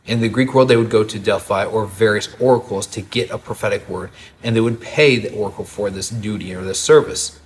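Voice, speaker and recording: A man preaching a sermon as a pastor, and told the story in a lively, humorous way. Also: lowish voice, a little fast, slight background noise.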